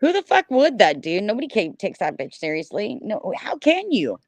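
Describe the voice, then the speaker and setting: A woman's voice: medium pitch, huge pitch swings, normal speed, no room sound. Profane, combative middle-aged woman ranting. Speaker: livestream host. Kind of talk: angry ranting livestream chat.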